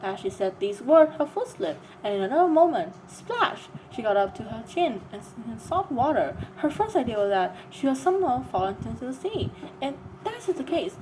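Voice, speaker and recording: A woman's voice: on the high side, big pitch swings, normal speed, hardly any pauses, darkish tone, a little hiss or hum, poor audio. A woman reading a storybook aloud, narrating with some stumbles. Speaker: reader.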